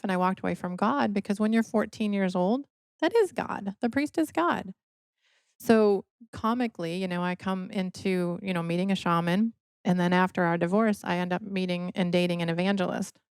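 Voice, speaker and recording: A woman's voice: medium pitch, fairly even intonation, fairly quick, few pauses, darkish tone, clear, resonant tone, dry recording, studio quality. A middle-aged woman from Michigan, a podcast guest telling her personal story in an earnest, emotional way. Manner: earnest, emotional, quotes others in dialogue.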